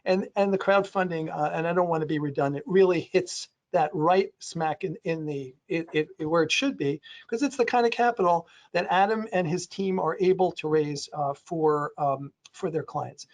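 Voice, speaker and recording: A man's voice: fairly high pitch, normal speed, few pauses. A man speaking on a panel, rambling in a conversational way with many fillers and restarts, now and then doing playful voices for quotes. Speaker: panelist on a real estate crowdfunding webinar.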